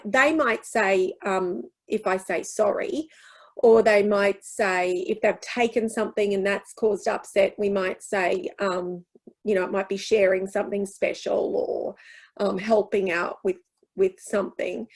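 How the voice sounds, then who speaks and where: A woman with an Australian accent speaking at a teachers' workshop, explaining child development and acting out gentle phrases to use with kids. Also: medium pitch, steady tone, unhurried. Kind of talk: workshop Q&A talk.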